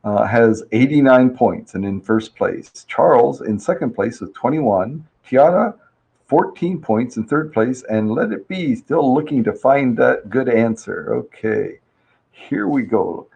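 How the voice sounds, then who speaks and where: A man's voice: mid-range voice, lively intonation, measured pace, vocal fry, a little mellow, slightly rough. A man hosting a casual live-stream survey game, chatty and reading viewers' answers aloud with easy laughs. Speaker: livestream host running a survey game.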